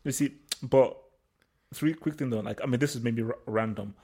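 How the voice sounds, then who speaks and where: A man's voice: medium pitch, moderate pace, warm tone, breathy edge. A man in casual football chat, telling stories with many stammered restarts and laughter. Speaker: podcast co-host.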